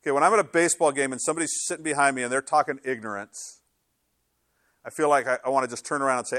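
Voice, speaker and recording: An older man preaching a sermon as a pastor, telling stories with lively voice changes as he acts out inner dialogue. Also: medium pitch, very fast, dry recording, clean studio sound.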